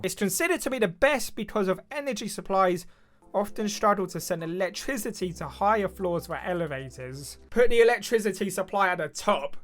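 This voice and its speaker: A man's voice: high-pitched, fairly bright tone. A young British man, probably in his twenties, reads quiz questions aloud and answers them in a wry, joking commentary. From United Kingdom. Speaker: YouTuber taking an online quiz.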